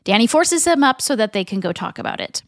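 A woman's voice: a little high, sing-song, quick pace, dry recording, studio quality. A woman co-hosting a podcast, retelling a TV episode scene by scene and reading the characters' lines aloud with chatty asides. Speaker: podcast co-host. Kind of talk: episode recap narration.

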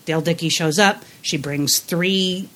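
A woman with a lowish voice chats casually on a podcast. She is blunt and animated, and often restarts her sentences. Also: a little slow. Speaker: podcast co-host. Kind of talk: casual review chat.

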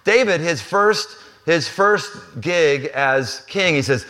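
A man's voice: on the high side, expressive, slow, sharp tone. A man preaching a live sermon in a casual, humorous way, often acting out the people in the story. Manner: conversational, humorous, acts out scenes. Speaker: pastor. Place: live church venue.

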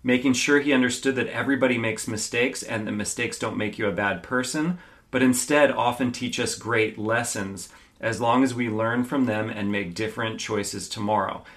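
A man co-hosting a casual podcast, recapping a story with halting, stammered restarts. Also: mid-range voice, a bit bright.

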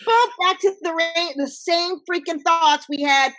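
A woman author talking as an interview guest, telling her story in an emphatic, animated way. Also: extremely high pitch, measured pace. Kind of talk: conversational interview.

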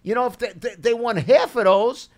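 A man hosting a sports call-in radio show, talking excitedly with many stammered restarts. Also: extremely high pitch, normal speed.

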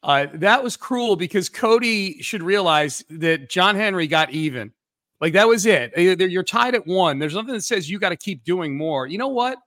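A man hosts a sports podcast in loose, casual talk, answering his co-host with quick reactions. His voice is slightly high. The recording is dry and close. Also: lively intonation, fairly bright tone, no room sound. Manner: casual, reacts with short interjections.

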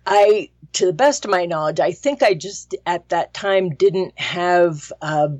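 A woman working as a hypnotist, answering interview questions in a thoughtful way with some pauses. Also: on the low side, a little mellow, dry recording. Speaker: hypnotist guest.

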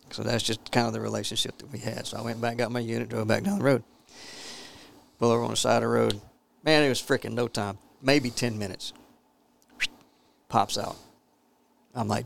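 A man's voice: fairly low pitch, steady tone, fairly quick, creaky, long pauses, a little hiss or hum. A man who used to be a police officer, telling a profane story. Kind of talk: casual storytelling.

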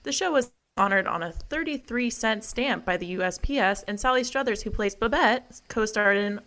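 A woman hosting a podcast, briskly reading trivia notes. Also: on the high side, a bit bright. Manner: brisk and informative. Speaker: podcast host.

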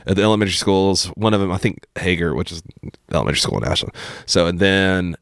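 A young man, a podcast guest and former teacher, telling animated stories and acting out what others said. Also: deep voice, fast talker, dry recording, studio quality. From Appalachian Kentucky. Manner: animated storyteller who acts out quotes, says dude a lot. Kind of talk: casual storytelling chat.

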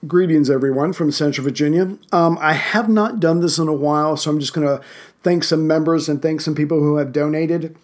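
A man with a fairly high speaking voice hosts a history podcast. His delivery is steady and measured, with an easygoing feel. He sounds like he is recording in a home setup. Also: faint music behind. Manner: easygoing, with many ums and uhs in the chatty parts. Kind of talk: podcast narration.

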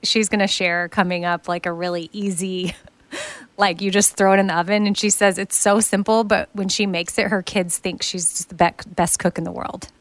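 A woman's voice: mid-range voice, steady tone, moderate pace, no room sound. A woman in her thirties hosting a podcast, chatting casually and laughing often. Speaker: podcast host. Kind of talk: casual chat.

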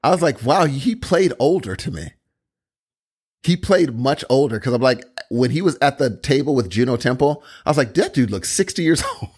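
A man in casual chat about a TV series, excitable, exclaiming often and restarting his sentences. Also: mid-range voice, moderate pace, breathy edge. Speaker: co-host discussing a TV series.

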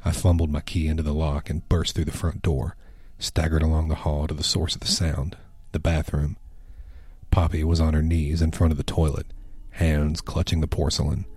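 A man narrating a first-person horror story in a hushed, measured way. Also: extremely low pitch, level tone, slightly rough, no room sound.

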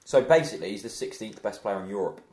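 Low-voiced casual podcast host, echoey room. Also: male voice, animated, fast, darkish tone. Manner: chatty, jokey, laughs easily. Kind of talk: casual football podcast chat.

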